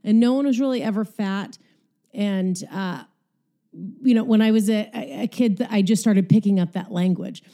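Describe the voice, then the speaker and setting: A woman's voice: mid-range voice, moderate pace, warm tone. Breathless, profane woman talking casually. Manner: candid, profane, rambling. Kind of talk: casual monologue while exercising.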